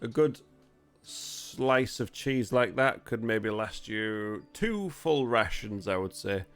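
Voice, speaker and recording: Northern English male game master: slow, chatty, self-deprecating, close-miked over faint music. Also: fairly low pitch, lively intonation, fairly bright tone, clear, resonant tone. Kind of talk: narrating a tabletop game. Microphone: close mic.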